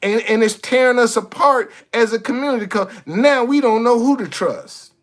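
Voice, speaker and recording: A man's voice: extremely high pitch, moderate pace. A man hosting a casual livestream monologue, blunt and preachy, repeating himself and cursing. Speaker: livestream host.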